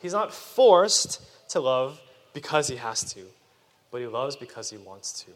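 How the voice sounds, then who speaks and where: Lively man preaching in a hall. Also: mid-range voice, unhurried. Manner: animated, questions the audience. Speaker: youth preacher. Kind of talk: sermon to children. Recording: long reverb of a hall.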